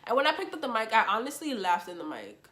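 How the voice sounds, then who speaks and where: A young woman telling a storytime on her channel, animated and blunt, with slangy, quick comebacks. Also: fairly high pitch. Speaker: YouTuber. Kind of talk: storytime vlog.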